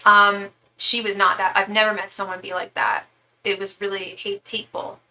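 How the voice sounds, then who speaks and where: A woman's voice: medium pitch, level tone, normal speed, bright, forceful tone, poor audio. A woman who is a tarot reader, chatting casually and at length during a live-stream reading, with some swearing.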